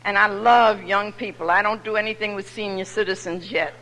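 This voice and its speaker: An older woman from New York with a New York accent, telling her personal story to an audience as a recovery meeting speaker, lively and humorous. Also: mid-range voice, brisk. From New York City. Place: large meeting hall. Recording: echoey hall recording.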